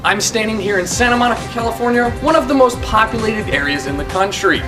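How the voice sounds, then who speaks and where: A man's voice: high-pitched, fast talker, distant mic, music in the background, voice pushed down, close to an everyday voice. A man playing a pompous male TV field news reporter with a stiff, formal newscaster delivery. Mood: solemn.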